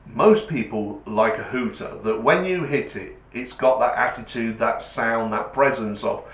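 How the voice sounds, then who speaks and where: A middle-aged man telling a comic anecdote in an animated, self-mocking way. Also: medium pitch, unhurried. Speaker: storyteller, test driver. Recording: roomy echo.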